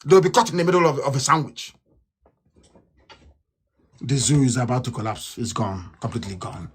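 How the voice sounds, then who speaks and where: A man with a Nigerian English accent giving a fiery, scornful political radio address. He swings from shouting to low muttering. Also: moderate pace, breathy edge. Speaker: radio broadcaster.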